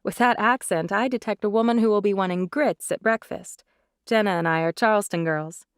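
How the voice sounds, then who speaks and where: A woman reading as a calm young woman recruit, friendly and level, a touch higher than plain narration. close, dry audiobook sound. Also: fairly quick, smooth, dry recording, close to an everyday voice.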